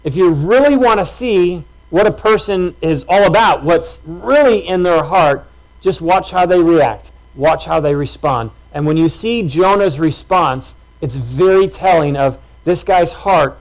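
A man with a high-pitched voice delivers a sermon in a loose, talky way. He slips into little acted-out reactions to make his points. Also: measured pace, rough recording. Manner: conversational, animated, acts out reactions. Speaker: pastor.

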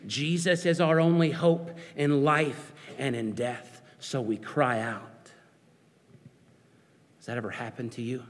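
A man's voice: medium pitch, fairly even intonation, slow, in a large hall. A man preaching a sermon, earnest and searching, putting questions to his listeners.

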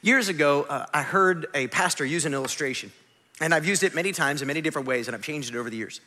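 A pastor in his forties preaching a conversational sermon, asking rhetorical questions and swinging from hushed to emphatic. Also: fairly high pitch, fast. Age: 40s. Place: church sanctuary. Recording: long reverb of a large hall.

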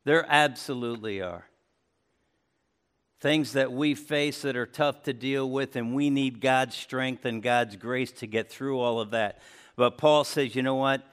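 A man's voice: unhurried, clear, resonant tone. Male pastor preaching in a church, conversational sermon style with emphatic rises. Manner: conversational preaching, lively swings in pitch and loudness. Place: church sanctuary.

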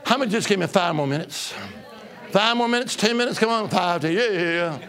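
A middle-aged man preaching, telling stories with humor and call-and-response, swinging between loud bursts and hushed asides. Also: high voice, fairly quick. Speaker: traveling preacher. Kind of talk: humorous storytelling sermon.

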